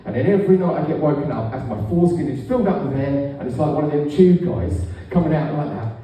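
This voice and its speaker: A man's voice: a little high, fast talker. Middle-aged man telling raunchy stand-up. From England. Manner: deadpan storytelling with raunchy punchlines. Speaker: stand-up comedian. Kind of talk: stand-up routine. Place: comedy club stage. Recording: echoey room, far from the mic.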